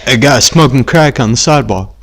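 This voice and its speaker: A man's voice: medium pitch, expressive, brisk, fairly bright tone. A man co-hosting a casual podcast chat, joking with stammering restarts. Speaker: podcast co-host.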